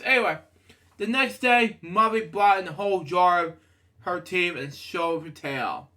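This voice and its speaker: A man reading a picture book aloud, drifting into rambling personal tangents with sudden excited outbursts. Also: high-pitched, a little slow. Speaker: reader of a children's book.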